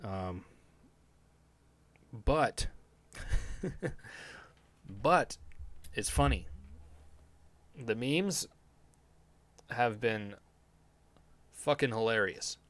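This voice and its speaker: A man's voice: mid-range voice, animated, drawn-out words, long pauses, fairly bright tone. A man hosting his own podcast as a live stream, rambling and sardonic, swearing often and restarting his sentences. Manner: meandering, profane, full of fillers and restarts. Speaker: podcast host.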